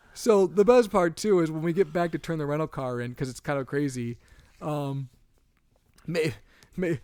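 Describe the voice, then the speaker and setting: A young adult man co-hosting a podcast, telling a travel story in casual chat and growing animated and exasperated as it goes. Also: moderate pace, clean tone. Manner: animated storytelling, gets louder and higher when exasperated. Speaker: podcast co-host.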